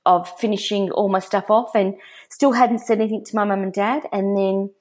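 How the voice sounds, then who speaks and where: A woman's voice: medium pitch, steady tone, normal speed, darkish tone. A middle-aged woman with an Australian accent, telling a personal story in a chatty interview, full of fillers and restarts. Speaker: interview guest. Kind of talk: storytelling in casual conversation.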